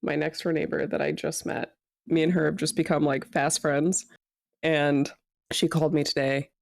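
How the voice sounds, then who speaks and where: Brief: woman in her thirties, podcast co-host, lively storyteller, slightly low voice, dry close mic. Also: normal speed, gravelly, dry recording. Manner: animated storyteller acting out quotes. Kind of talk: casual chat.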